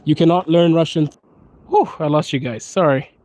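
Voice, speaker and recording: A man's voice: a little high, moderate pace, darkish tone, low-quality recording. A man chatting casually on a live stream from his phone, laughing often and calling his viewers dude and bro. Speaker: livestream host. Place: outdoors on a snowy street.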